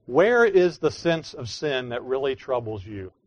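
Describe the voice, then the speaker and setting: A man preaching a sermon as pastor, earnest, moving between quiet pleading and emphatic declarations. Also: medium pitch, big pitch swings, a little slow, no echo. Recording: dry, dull lo-fi sound.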